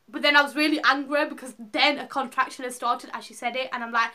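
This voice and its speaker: A woman's voice: sits high, fairly even intonation, quick pace, few pauses, sharp tone. A young woman vlogger telling a personal story to camera in a casual, rambling way, full of likes and ums. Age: young adult.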